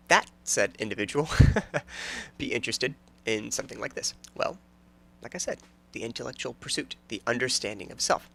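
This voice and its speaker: Lively, gravelly-voiced man rambling. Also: mid-range voice, a little hiss or hum. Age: 30s. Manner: rambling, self-interrupting and jokey. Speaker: podcast host. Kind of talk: casual solo podcast monologue.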